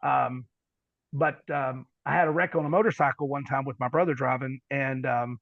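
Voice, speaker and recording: Man telling a story, halting and dry. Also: mid-range voice, steady tone, vocal fry, dry recording, highs cut off. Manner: halting, repeats words, drops to quiet asides. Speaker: podcast guest. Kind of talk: storytelling in conversation.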